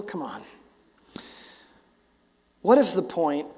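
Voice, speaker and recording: A pastor in his forties delivers a sermon at a moderate pace in a high, bright-edged voice, shifting between casual asides and emphatic bursts. His words ring out in the hall, trailed by a long reverb.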